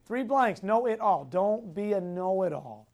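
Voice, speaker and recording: A man's voice: high-pitched, lively intonation, measured pace, darkish tone. A man teaching a Sunday school lesson to a class, repeating key points, asking questions and chuckling often as he tells personal stories. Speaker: youth Bible teacher.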